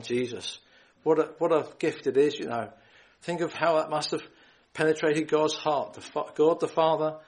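His pitch runs fairly high as he preaches the gospel with earnest pleading, citing scripture, repeating himself and frequently clearing his throat. The audio is poor.

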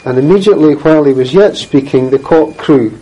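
A man reading scripture aloud and then preaching, in a measured, earnest way, often clearing his throat. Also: a little high, mellow, poor audio.

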